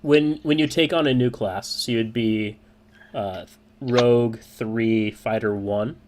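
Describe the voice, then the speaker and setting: A man running a tabletop roleplaying game as dungeon master, talking in a relaxed, joking way with many fillers. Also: mid-range voice, slow.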